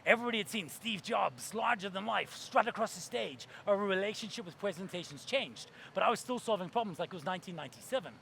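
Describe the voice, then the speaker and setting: A man's voice: high voice, expressive, quick pace, creaky, few pauses, pushed and bright, slight background noise. A man giving a keynote talk at a conference, telling stories with acted-out voices and laughter. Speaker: keynote speaker.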